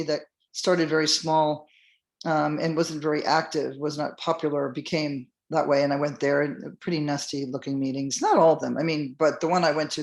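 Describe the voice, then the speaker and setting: Rambling middle-aged woman telling her story. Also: low-pitched. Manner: rambling, many fillers and restarts, voices others' words. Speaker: podcast host. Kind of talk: casual first-person storytelling.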